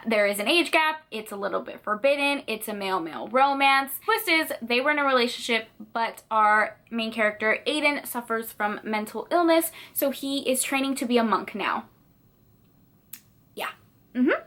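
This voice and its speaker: A woman's voice: a little high, lively intonation, moderate pace, fairly bright tone. Bubbly, chatty young woman vlogger. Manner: bubbly, gushing, lots of fillers. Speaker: book vlogger. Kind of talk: chatty reading vlog.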